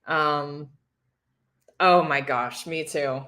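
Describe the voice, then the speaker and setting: A woman's voice: sits low, extremely slow, pushed and bright. A woman hosting a casual livestream, chatting, laughing and reading viewer comments aloud. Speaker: livestream host reacting to a reality show.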